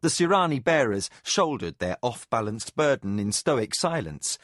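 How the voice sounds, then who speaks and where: A man reading a fantasy novel aloud in measured, expressive scripted narration. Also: mid-range voice, no echo, clean studio sound. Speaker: audiobook narrator.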